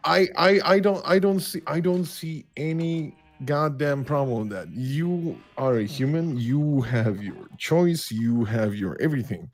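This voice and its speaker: A man calling into a show, speaking as an in a halting way with many restarts. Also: fairly high pitch. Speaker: caller.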